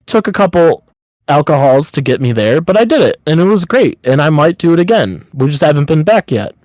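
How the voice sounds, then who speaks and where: A rambling, upbeat man chatting as a podcast co-host over an online call. His voice sits a bit high, and the sound is dry and close. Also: sing-song, brisk, a little mellow, no room sound. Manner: rambling, upbeat, heavy use of 'like'. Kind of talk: casual chat.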